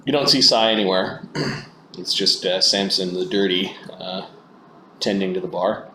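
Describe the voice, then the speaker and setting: A man's voice: low-pitched, a little slow, bright, forceful tone, a little hiss or hum. A man running a tabletop game as game master, describing scenes in a loose, filler-heavy way. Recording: echoey room recording.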